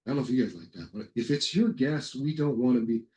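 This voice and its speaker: A middle-aged man presenting a software webinar in a casual, rambling way, telling anecdotes with lots of fillers and self-corrections. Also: medium pitch, lively intonation, fast, rough recording.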